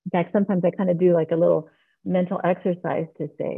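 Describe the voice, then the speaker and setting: A woman's voice: fairly low pitch, little pitch movement, fast, creaky, slightly rough. Earnest woman sharing over tinny call. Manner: earnest and heartfelt. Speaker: member sharing at a recovery meeting. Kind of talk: personal testimony share. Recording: tinny online call audio.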